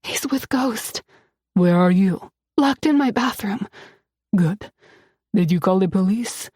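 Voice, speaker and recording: A protective man with a slight Russian accent, keeping his voice low and even on the phone, as a woman narrator puts him on. The tone is husky and dry, close to the mic. He sounds in control and reassuring. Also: takes it slowly, no echo. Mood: alert.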